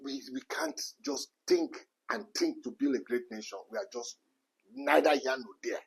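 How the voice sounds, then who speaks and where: A man's voice: mid-range voice, big pitch swings, normal speed, creaky, fairly bright tone, breathy edge, rough recording. A Nigerian man giving an impassioned rant, full of repeated phrases and rhetorical questions. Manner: repetitive, rhetorical questions, emphatic.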